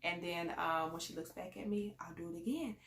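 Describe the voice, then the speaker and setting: A woman with a lower voice chats casually in a vlog. She rambles through her advice in a conversational way. Her voice bounces around an echoey room. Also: a little fast, vocal fry, a bit bright. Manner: chatty and conversational, rambling with fillers. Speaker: parent sharing advice on a channel.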